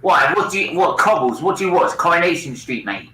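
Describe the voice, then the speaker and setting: Southern English man, bantering co-host, lively voice, roomy and noisy audio. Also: fairly high pitch, fast. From Southern England. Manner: laughing, mock-defensive banter. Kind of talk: casual banter on a live watchalong. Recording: echoey noisy stream audio.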